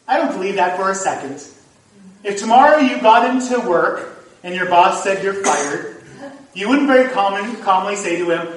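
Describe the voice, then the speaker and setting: A man's voice: sits high, lively intonation, moderate pace, fairly bright tone. A man preaching a sermon as pastor, earnest and at times emphatic. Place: church sanctuary. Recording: echoey hall, mic from far off. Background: congregation.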